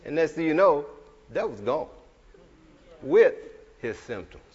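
Guy preaching a sermon, goes from shouting big declarations to just chatting a story, muffled lo-fi sound, long hall echo. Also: a little high, big pitch swings, measured pace, breathy edge. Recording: reverberant hall, dull lo-fi sound.

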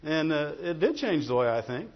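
A man's voice: a little high, sing-song, normal speed. A man preaching a sermon as pastor, talking in a conversational way and often checking in with the congregation. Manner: conversational, repeats "Amen?" and "Right?". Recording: dull, with long hall reverb.

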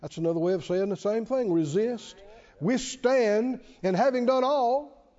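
A man with a high, warm, unhurried voice preaches to a congregation in church. He's emphatic and repetitive and frequently asks his listeners questions, captured in a dull, lo-fi recording full of church hall reverb.

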